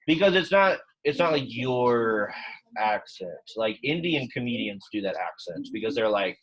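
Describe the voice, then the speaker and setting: A man's voice: medium pitch, animated, normal speed, a bit bright, rough recording. A young man teaching a Latin class, speaking casually and quizzing his students with questions. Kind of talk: classroom lecture.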